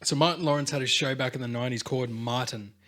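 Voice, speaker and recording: A man's voice: medium pitch, steady tone, fast, sharp tone. A man co-hosting a podcast, telling a rambling story in casual chat and swearing freely. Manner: rambling storyteller, swears freely, acts out quotes in big voices. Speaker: podcast co-host.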